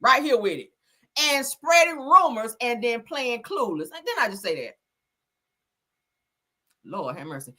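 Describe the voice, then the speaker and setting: A woman hosts a celebrity gossip stream with a sassy, chatty delivery. Her voice is bright and fairly high, swinging widely in pitch as she acts out what people said. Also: sing-song, unhurried, pauses often. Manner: swears freely, chatty slang. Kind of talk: casual commentary.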